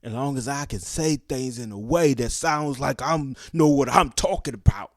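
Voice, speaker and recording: A young man speaks in a middle-pitched voice, preaching his opinions to the camera with rising fervor and rhetorical questions. The sound is close and dry with no room echo. His delivery has the cadence of a street-corner sermon. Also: moderate pace. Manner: passionate, preachy, keeps asking "guess what?". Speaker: commentary vlogger.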